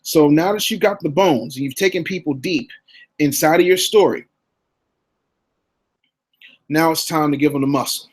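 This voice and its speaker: Man, speaking coach, animated storytelling, joking, repeats words, slightly high voice. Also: moderate pace, pauses often, rough recording. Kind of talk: storytelling lecture.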